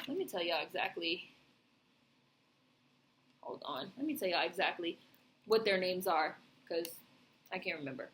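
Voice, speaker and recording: A woman's voice: medium pitch, pushed and bright. A woman vlogger giving a casual, rambling film review, heavy on fillers and swearing.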